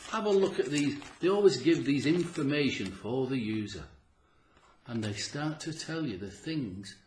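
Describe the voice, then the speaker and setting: Man, health host, earnest and persuasive, mid-pitched, roomy echo on the voice. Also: slight background noise. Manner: earnest, persuasive, with many rhetorical questions and repeated restarts. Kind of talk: casual direct-to-camera talk.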